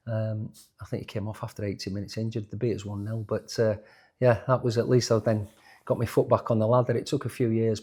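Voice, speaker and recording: A man, a former footballer telling animated stories in an interview, often restarting his sentences. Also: mid-range voice. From Yorkshire, England. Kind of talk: casual interview storytelling.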